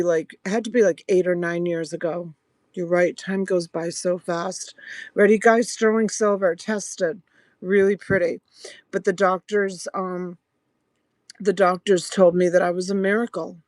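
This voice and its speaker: A middle-aged woman selling jewelry on a live stream, chatting casually and telling a personal story between items. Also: dry recording. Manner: chatty storyteller, voice rising high when quoting.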